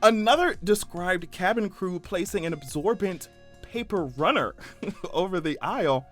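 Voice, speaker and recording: Bright-voiced man giving animated comedic commentary. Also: sits high, unhurried, faint music behind. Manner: animated, laughing, profane and exaggerated. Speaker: YouTube commentator. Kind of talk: casual comedic news commentary.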